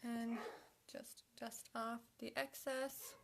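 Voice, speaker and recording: Slow, creaky young woman vlogger. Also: a little high, little pitch movement, heavy background noise. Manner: talks to herself, half-whispering at times. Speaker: makeup vlogger. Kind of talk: casual chat while doing makeup.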